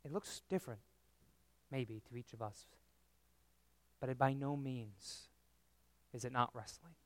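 A man preaching a sermon in an earnest, measured way, with dramatic pauses. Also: medium pitch, a bit bright, no room sound.

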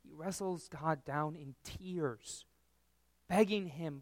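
A man preaching a sermon in an earnest, measured way, with dramatic pauses. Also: a little high, no room sound.

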